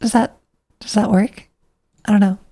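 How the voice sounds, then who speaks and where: A woman's voice: mid-range voice, fairly even intonation, moderate pace, warm tone. A woman streamer chatting casually, rambling and thinking aloud to herself.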